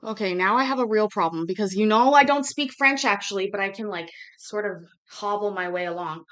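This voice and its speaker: This is a woman in her thirties chatting loosely while she cooks. Her voice rises and falls a lot, and she drifts from topic to topic with casual swearing. The delivery stays relaxed and conversational. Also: medium pitch, brisk. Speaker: cooking vlog host. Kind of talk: casual chat while cooking.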